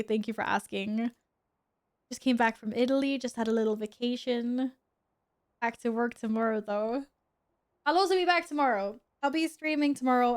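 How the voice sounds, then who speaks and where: A young woman chatting casually with her viewers while gaming at home, giggling and talking to her cat. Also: on the high side. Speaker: streamer. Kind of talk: casual gaming stream chat.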